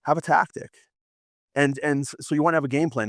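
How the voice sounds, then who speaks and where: Man, teacher, lively classroom talk, storytelling, quick restarts, dry sound. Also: on the high side, no room sound. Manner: animated, storytelling, frequent restarts and laughs. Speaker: apologetics teacher. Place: classroom with students.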